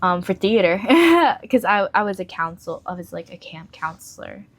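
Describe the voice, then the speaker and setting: A woman's voice: medium pitch, big pitch swings, moderate pace, a bit bright, slight background noise. A woman in her twenties from the Mississippi Gulf Coast, a local news reporter chatting as a podcast guest, giggly and full of fillers. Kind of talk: casual podcast interview.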